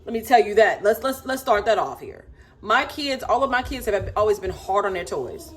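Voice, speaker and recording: A woman's voice: mid-range voice, big pitch swings, moderate pace, slight background noise. A woman in her thirties, a mother of four, ranting to camera in an emphatic, sassy way and repeating herself for stress.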